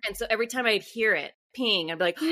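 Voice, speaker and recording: Chatty woman telling a story. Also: medium pitch. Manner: chatty, animated, lots of fillers. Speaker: guest author. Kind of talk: casual podcast interview storytelling.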